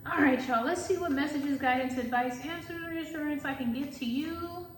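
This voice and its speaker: High-pitched woman ranting casually, lots of swearing, echoey room, mic a bit far off. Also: moderate pace, a little hiss or hum. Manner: animated, swearing, lots of filler words. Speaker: tarot reader. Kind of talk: casual storytime vlog chat.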